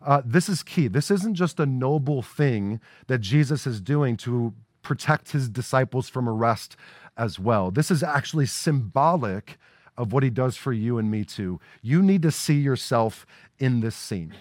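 A pastor preaches a sermon in a church sanctuary, talking conversationally and frequently checking in with "right?". His medium-pitched voice is expressive and a little mellow, with a slightly slow pace. The recording is dry and studio quality.

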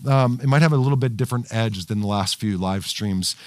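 A fairly low-pitched, brisk male voice with no echo. A pastor preaches a sermon to a livestream audience from a studio full of cameras and screens, speaking casually with lots of fillers, restarts, and frequent "right?" asides.

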